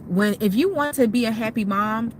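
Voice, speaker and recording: A woman's voice: fairly high pitch, moderate pace, a little hiss or hum, rough recording. Chatty mom talking from her car. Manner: warm, emotional, chatty with viewers. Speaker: mom livestreaming advice to viewers. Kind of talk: casual live chat. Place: in a car, parked outside. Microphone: phone.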